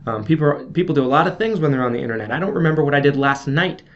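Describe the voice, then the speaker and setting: A man's voice: fairly high pitch, expressive, very fast. Chatty man coaching sales on camera. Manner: chatty coaching with frequent "okay?" check-ins and "um". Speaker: insurance sales trainer. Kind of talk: casual video sales training. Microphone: camera video. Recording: slightly dull lo-fi audio.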